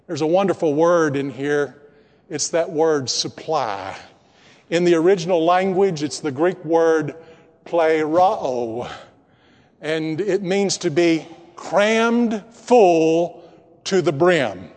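A man preaching a sermon in a church. He drops to hushed tones and then swells to emphatic peaks. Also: fairly high pitch, animated, slow pace, big-room sound. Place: church building with congregation.

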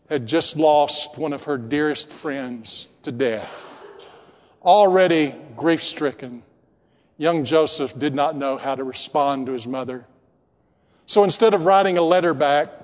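Guy preaching a sermon, voice swings soft then loud, big echoey church hall. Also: fairly high pitch. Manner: dynamic preaching, drops to hushed tones and swells to emphatic peaks. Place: church building with congregation.

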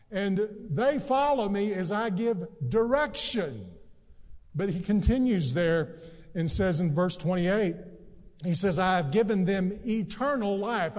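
A man preaching a sermon as pastor, earnest and emphatic, with drawn-out pauses between phrases. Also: high voice, a little mellow, big-room sound.

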